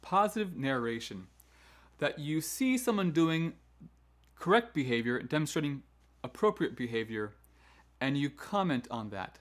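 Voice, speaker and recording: A man's voice: on the high side, sing-song, normal speed. A man hosting a choral education lesson, explaining classroom management in a conversational way and acting out firm teacher commands. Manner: demonstrates teacher commands in a firm, downward-inflected voice; conversational, with frequent "right?" asides and restarts. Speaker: choral music education host. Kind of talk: instructional talk on classroom management.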